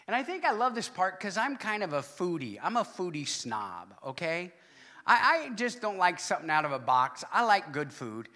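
A man preaching a sermon to his congregation, animated, with loud exclamations and hushed asides. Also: high-pitched. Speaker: pastor.

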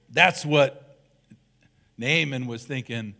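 An older man, a church elder, giving a relaxed conversational sermon and acting out the voices of the people in his story. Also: mid-range voice, normal speed.

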